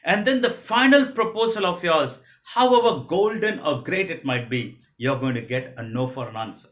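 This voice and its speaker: Guy lecturing a training class, fairly high voice, keeps repeating the main rules. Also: lively intonation, moderate pace, fairly bright tone, dull audio. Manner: didactic, repeats key principles. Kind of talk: motivational training talk.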